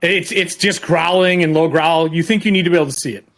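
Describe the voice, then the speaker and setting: A man's voice: fairly high pitch, steady tone, fast, a bit bright. A man acting as game master of a tabletop game, describing scenes and making matter-of-fact rulings.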